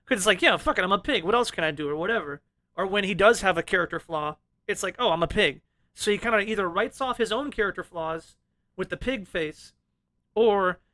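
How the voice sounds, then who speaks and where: Casual male podcast co-host, high bright voice, easygoing and salty. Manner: laid-back, profane, laughs often. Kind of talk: casual film discussion.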